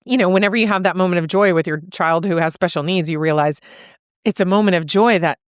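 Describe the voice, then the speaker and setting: A woman's voice: lowish voice, fast talker, clear, resonant tone, dry recording, studio quality. A woman in her thirties, a therapist and podcast co-host, earnestly telling a personal story and often checking in with "right?". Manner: earnest, uses many "right?" tag questions. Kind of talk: reflective conversational storytelling.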